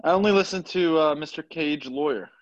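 A man co-hosting a podcast, relaxed in casual chat with short interjections and dry jokes. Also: a little high, brisk, no echo, highs cut off. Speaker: podcast co-host.

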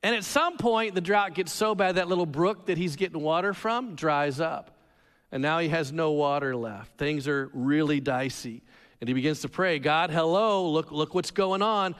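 A man preaching a sermon, telling a Bible story with animated pacing, jokes and dramatic pauses. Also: fairly high pitch, in a large hall. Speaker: pastor.

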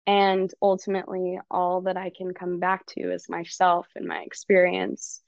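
A woman's voice: on the low side, monotone, normal speed, creaky, no echo. Chatty swearing woman, muffled podcast audio. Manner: chatty, swears freely, acts out inner dialogue. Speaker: coach and guest. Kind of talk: casual podcast conversation.

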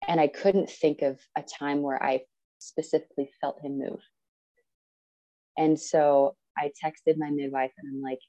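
A woman in her thirties, a podcast guest, telling a personal story in an earnest, animated way and acting out what people said. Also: low-pitched, unhurried, highs cut off. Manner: earnest, animated, acts out quoted speech.

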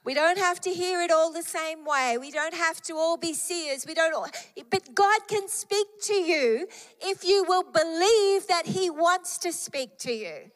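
High-voiced woman preaching in a reverberant hall. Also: animated, unhurried. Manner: emphatic, repeats key phrases, reads scripture aloud. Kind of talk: sermon.

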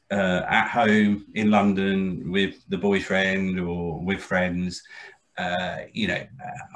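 A man hosting a casual interview, speaking haltingly with many restarts and filling the gaps with quiet murmurs of agreement. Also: lowish voice. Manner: warm-spoken, halting, lots of mm-hmm backchannels. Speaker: podcast host.

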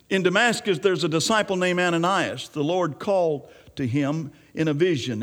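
A man preaching from the pulpit in a somewhat high voice, animated and expressive. He drops into hushed asides, then rises to emphatic, lifted lines. The sound carries the long reverb of a church hall. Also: moderate pace, few pauses. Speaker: pastor. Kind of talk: sermon.

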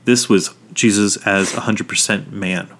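Co-hosting a laid-back podcast, this man spins movie anecdotes with plenty of energy, cursing liberally and performing the quotes. His voice is on the low side and his pace measured.

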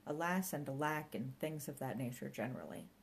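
A woman's voice: extremely low pitch, expressive, brisk, vocal fry, slight background noise, full character voice, poor audio. A woman reading an audiobook and voicing a grandiloquent, pompous middle-aged male park ranger who fancies himself a martial arts mentor. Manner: grandiloquent, theatrical. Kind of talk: audiobook character voice.

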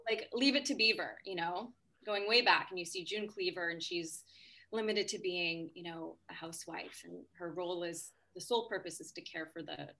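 A woman talking casually with a bright, forceful tone and a slightly low voice. She talks in a chatty, meandering way, full of fillers and restarts, as a podcast co-host. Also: steady tone, normal speed, creaky, slight background noise. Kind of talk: casual discussion.

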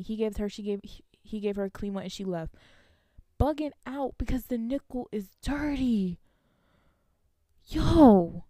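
A young woman, a college student, venting to her viewers in casual storytime chat, animated and laughing between lines. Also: medium pitch, fast talker, no echo, studio quality. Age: young adult.

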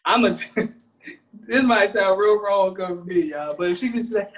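High-voiced man joking in casual chat. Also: moderate pace, slight background noise. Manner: joking, laughs often, slangy.

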